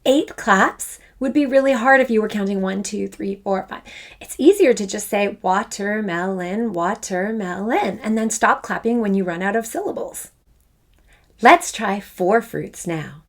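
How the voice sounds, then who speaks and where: An upbeat woman leads a children's rhythm lesson and speaks straight to the learner with plenty of praise. She talks at an unhurried pace and stretches each chanted fruit name so every syllable lands on the beat. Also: medium pitch. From Canada. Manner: draws out and stresses syllables while chanting fruit names. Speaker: elementary music teacher.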